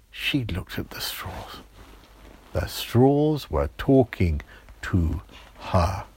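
Husky man spinning a children's story. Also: low-pitched, slow pace. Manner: lively, building suspense, playful. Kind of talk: improvised children's story narration.

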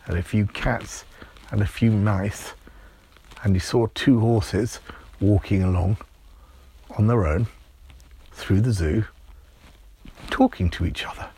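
A man telling an improvised bedtime story in a lively, playful way. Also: lowish voice, takes it slowly, long pauses, breathy edge.

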